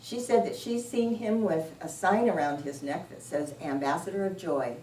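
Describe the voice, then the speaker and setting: A woman giving an informal sermon in a church, unhurried and anecdotal, often chuckling as she tells stories. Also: medium pitch, lively intonation, warm tone. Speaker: church speaker. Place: church sanctuary. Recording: echoey room, distant mic, faint noise.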